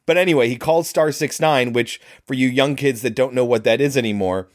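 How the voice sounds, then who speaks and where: A man at mid pitch chats about a film with his co-host, explaining details and pausing the story for side notes on trivia. His voice is recorded dry, with no room sound. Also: no room sound. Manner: explanatory, goes off on trivia tangents. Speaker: podcast co-host. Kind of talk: casual movie recap chat.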